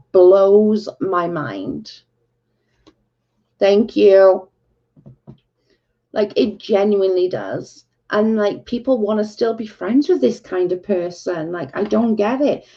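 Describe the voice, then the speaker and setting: A woman hosting a casual livestream, ranting in exasperation and saying "like" a lot. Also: medium pitch. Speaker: livestream host. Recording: dull lo-fi stream audio.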